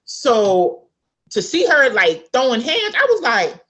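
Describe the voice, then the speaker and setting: Slow and a touch high, the voice belongs to a woman author from South Carolina appearing as an interview guest. In a casual conversation she tells a family story, animatedly acting out the people she quotes.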